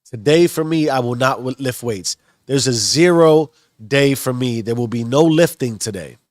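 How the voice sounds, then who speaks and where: A man's voice: mid-range voice, animated, moderate pace, dry recording, clean studio sound. A married man with children talking in a casual motivational monologue, earnest and rambling with many restarts. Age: adult, married with children. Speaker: self-improvement vlogger.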